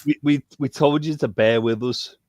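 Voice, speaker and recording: A man with a Liverpool accent, a guest on a podcast. He jokes and stammers over his words, and his lines often trail away low. The sound is close and dry. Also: moderate pace, a little mellow, no echo. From Liverpool, England. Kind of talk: casual podcast chat.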